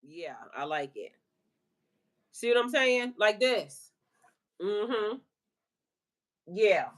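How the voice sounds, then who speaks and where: A woman's voice: medium pitch, animated, extremely slow. A woman hosting a livestream as a spiritual life coach, chatting casually with viewers in a playful, slangy way and laughing often.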